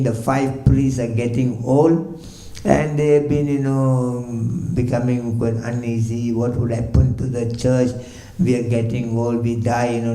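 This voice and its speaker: Mellow-voiced monk in an echoey temple. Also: male voice, mid-range voice. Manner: leans on "you know" constantly, chuckles while telling. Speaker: swami giving a morning lecture. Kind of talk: sermon storytelling. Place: temple hall.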